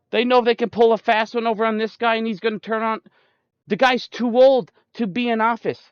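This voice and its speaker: A young man with a high voice rants at his listeners, swearing hard and picking fights with every point. The sound is dull and dry, as if from a cheap mic held close. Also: clean tone, no room sound. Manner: profane, ranting, combative. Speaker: streamer. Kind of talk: political rant.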